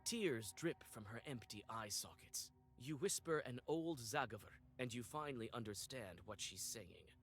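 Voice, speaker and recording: A man narrating a dark story in second person in a measured, atmospheric manner. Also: medium pitch, animated.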